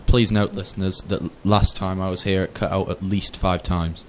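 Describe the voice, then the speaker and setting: A teenage man from England co-hosts a casual podcast, ribbing his friend with dry jokes. His voice sits low. A faint hiss runs under the recording. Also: level tone, moderate pace. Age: teens. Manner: joking, teasing. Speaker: podcast co-host. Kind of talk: casual chat. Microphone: headphones with wired mic.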